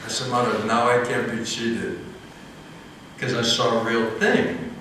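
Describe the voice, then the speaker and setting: Monk giving an animated sermon, bright tense voice, faint room hum behind, mic at a distance. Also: male voice, mid-range voice, measured pace. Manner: animated, laughing storyteller. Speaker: monk giving an evening class. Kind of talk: storytelling sermon. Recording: echoey hall, mic at a distance.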